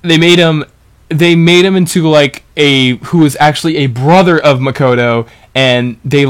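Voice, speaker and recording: A young man in casual chat as a podcast co-host, rambling and animated, restarting sentences as he retells scenes. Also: a little high, normal speed, smooth. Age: young adult.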